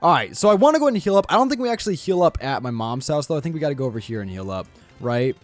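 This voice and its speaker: A man giving casual, joking commentary while playing a video game, excitable and quick to laugh. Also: on the high side, no echo, faint music behind. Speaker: gaming channel host.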